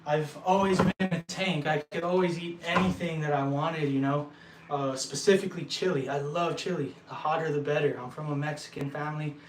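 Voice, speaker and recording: A young man from El Paso, short of breath, talking earnestly to his viewers with halting restarts. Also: fairly high pitch, fairly even intonation, noisy background. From El Paso, Texas. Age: young adult. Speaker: vlogger. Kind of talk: casual talk to viewers. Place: indoor building site. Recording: echoey room, mic at a distance.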